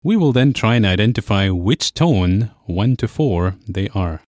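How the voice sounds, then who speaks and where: A man teaching a language lesson, explaining clearly and patiently. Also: lowish voice, lively intonation, a little slow, a little mellow, no room sound, clean studio sound. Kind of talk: scripted lesson narration.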